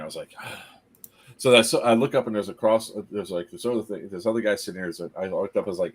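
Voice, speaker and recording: A man telling a story casually on a live stream, animated, laughing often and acting out the people in it. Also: on the low side, fast talker, husky.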